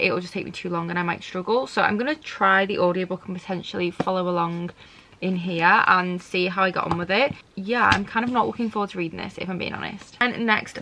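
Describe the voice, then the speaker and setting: A woman's voice: mid-range voice, creaky, sharp tone, slight background noise. A woman book vlogger chatting casually to camera, rambling a little and often saying "like". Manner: chatty, rambling, frequent "like" fillers. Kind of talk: casual vlog chat to camera. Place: indoors at a bookstore on a break.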